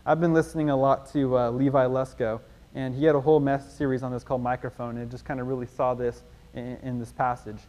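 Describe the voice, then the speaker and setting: A man preaching in a casual storytelling way, with frequent fillers and restarts. His voice sits at an ordinary pitch and carries a long hall echo. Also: level tone, fast talker, a little mellow. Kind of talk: sermon.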